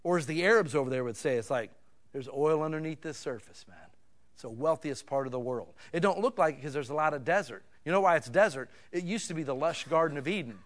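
A man preaches a sermon in a folksy, conversational way. His voice sits fairly high for a man. He swings from loud, emphatic bursts down to quiet asides. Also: expressive, fast talker, few pauses. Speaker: pastor.

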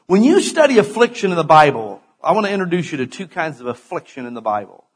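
A middle-aged man delivers a sermon in a loose, conversational way, breaking into sudden emphatic bursts. His voice sits a little high and has a husky edge. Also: sing-song, fast. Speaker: preacher.

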